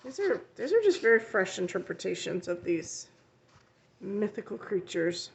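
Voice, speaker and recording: A mid-range female voice with vocal fry, very animated and at a moderate pace. She's an art teacher who hosts a coloring channel, showing off her finished coloring pages in a casual vlog. She chats and rambles, full of fillers and self-corrections.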